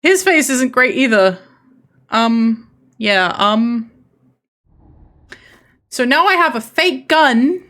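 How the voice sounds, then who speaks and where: A woman's voice: fairly high pitch, expressive, slow, pauses often, a bit bright. A woman streaming a horror game, muttering to herself, hesitant and swearing freely. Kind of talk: live gaming commentary.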